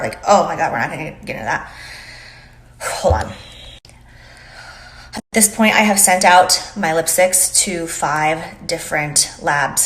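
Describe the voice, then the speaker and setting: A woman's voice: on the low side, a bit bright, roomy sound. A woman founder of a beauty brand making an emotional, earnest apology on her phone, rambling with lots of "like", close to tears. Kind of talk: apology video on social media. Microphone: phone held to face.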